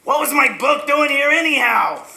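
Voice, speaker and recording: An actor playing a pompous, fussy factory boss in a stage musical, with a gravelly voice, recorded in an echoey hall. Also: male voice, very high-pitched, moderate pace, bright, forceful tone, exaggerated voice. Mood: scolding. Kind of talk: amateur stage musical acting.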